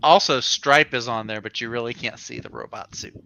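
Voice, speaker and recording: A man's voice: medium pitch, creaky, pushed and bright, lo-fi sound, slight background noise. A man in a casual comic chat who jumps in with corrections and comments. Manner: quick to chime in and correct others.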